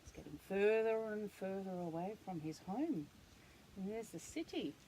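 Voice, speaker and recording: An older woman, a grandmother, reading a children's bedtime picture book aloud to her grandchild, gently and expressively, with playful animal noises. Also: medium pitch, expressive, moderate pace, a little hiss or hum, rough recording.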